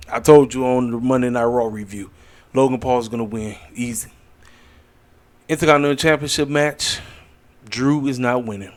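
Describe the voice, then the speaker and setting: Man, mid-pitched voice, casual solo host, blunt, opinionated, rambling, tired and yawning. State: tired, yawning late at night. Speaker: wrestling commentary channel host. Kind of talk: casual solo predictions video.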